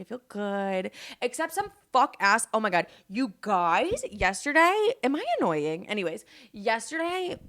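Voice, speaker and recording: Fast-talking chatty young woman vlogger. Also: medium pitch. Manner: chatty, profane, animated storytelling with lots of fillers. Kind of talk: casual storytime chat. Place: apartment.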